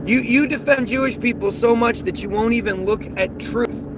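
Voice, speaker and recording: An American man with a very high voice livestreams from his car while driving, reading viewers' chat aloud at a moderate pace. His talk is a rambling, repetitive rant, with car and road noise behind him.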